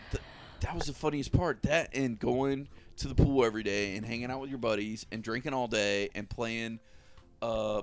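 A man casually telling a long, profane story to friends, laughing and acting out the people in it. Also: mid-range voice. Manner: animated, profane, laughing storyteller who acts out quotes. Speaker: podcast co-host telling a story.

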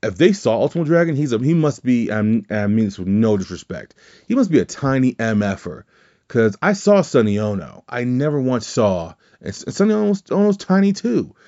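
A man's voice: mid-range voice, big pitch swings, brisk, dark tone. A man co-hosting a podcast, telling a rambling anecdote in a casual chat, often correcting himself and swearing offhand. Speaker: podcast co-host. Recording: dull lo-fi audio.

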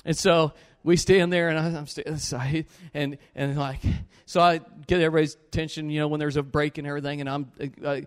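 A man preaching a sermon, telling a story with animated swings between loud bursts and low, earnest pleas. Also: brisk, few pauses, smooth, big-room sound.

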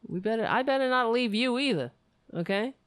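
A woman's voice: fairly high pitch, animated, a little fast, no room sound. A woman hosting a livestream, rambling and venting affectionately to her viewers as she signs off. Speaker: livestream host. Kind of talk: casual stream sign-off chat.

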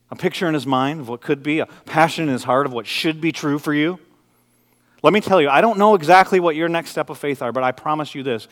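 A man in his thirties, a pastor, preaching a sermon with lively storytelling and acted-out quotes. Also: a little high. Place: church sanctuary. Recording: long church hall reverb.

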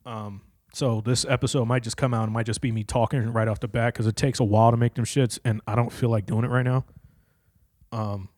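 Speaking into a handheld comedy mic on a stand, a young man hosts a casual solo podcast, blunt, swearing and wandering off topic. His mid-range voice is a little mellow, recorded dry at studio quality.

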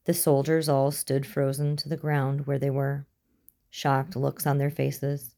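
A woman reading a story aloud as narrator, in a steady, even manner. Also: rumbling low, unhurried, vocal fry. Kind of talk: audiobook narration.

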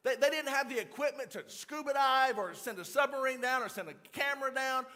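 A man preaching in a church, his voice high and bright. He tells his story with energy, stumbling over repeated words and acting out shouts as he goes. He swings between hushed, intimate moments and loud, lively stretches. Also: fairly quick. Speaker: pastor. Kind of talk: sermon. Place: church auditorium.

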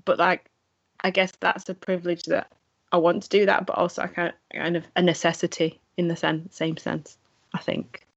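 A woman's voice: fairly low pitch, little pitch movement, moderate pace, gravelly, husky. A young woman chatting casually, acting out what she and others say as she tells it. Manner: chatty, acts out quoted remarks. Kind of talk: casual chat. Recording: muffled lo-fi recording.

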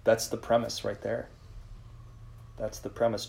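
A priest speaking in a conversational sermon to a live group, leading them in call-and-response. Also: male voice, lowish voice, completely flat delivery, unhurried, creaky, darkish tone. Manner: informal, leads call-and-response with listeners.

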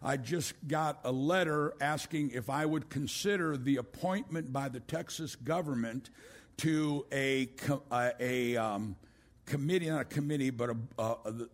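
An older man preaching a sermon as a pastor, swinging from loud exclamations down to a hushed voice. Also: medium pitch, unhurried. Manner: rising to loud exclamations, then dropping to a hush.

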